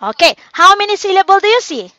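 A woman with a Filipino accent teaching a children's phonics lesson online in a slow, coaxing teacher voice. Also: very high voice, very animated, pushed and bright, dry recording. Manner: slow, coaxing teacher talk, reading out learners' names. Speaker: online tutor.

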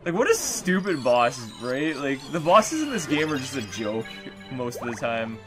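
A young man casually commenting on his gameplay, excitable and swearing often. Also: medium pitch, moderate pace, music in the background. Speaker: gaming YouTuber.

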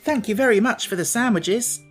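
A man's voice: sits high, moderate pace, soft background music, voice pushed up, close to an everyday voice. A man reading an audiobook, voicing a curious and polite young boy.

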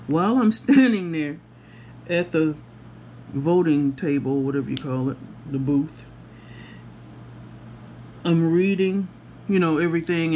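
A woman chatting to viewers about her day while she works on a craft project, animated and talking straight to the camera. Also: slight background noise. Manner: acts out other people's voices with big pitch jumps. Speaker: craft vlogger. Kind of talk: casual storytelling while crafting.

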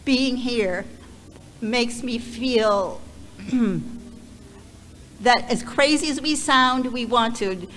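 A woman speaking as a visiting ministry leader in a heartfelt church talk, earnest and emotional, pausing often and restarting her sentences. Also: fairly high pitch, fairly bright tone, a little hiss or hum. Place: church sanctuary. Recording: reverberant hall, faint background ambience.

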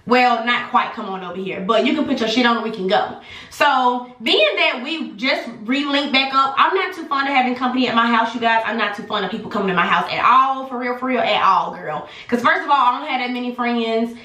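A young adult woman telling an animated, sassy storytime to her viewers in a casual vlog. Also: on the high side, fairly quick. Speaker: vlogger. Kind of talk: casual storytime chat to camera. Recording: echoey room.

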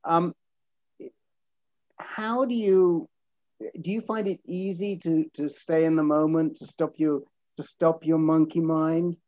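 Halting man with a mellow voice. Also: fairly high pitch, fairly even intonation, dry recording, lo-fi sound. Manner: halting, stuttering repeats. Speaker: host. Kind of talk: video call interview.

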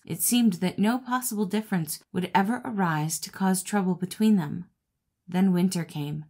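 A woman narrating a classic fable as an audiobook reader, in a steady, expressive reading voice. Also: on the low side. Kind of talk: storybook narration.

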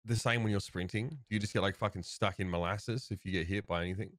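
A man's voice: on the low side, fairly bright tone, dry recording, studio quality. An Australian man hosting a casual gaming show, joking and swearing a lot. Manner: joking, heavy swearing, quick. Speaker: host.

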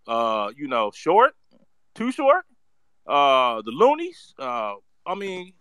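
A man's voice: medium pitch, huge pitch swings, slow pace, a bit bright, smooth, no echo. A man giving a profane, ranting commentary, heated and mocking, heavy on slang and cursing. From San Francisco Bay Area. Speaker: political commentator.

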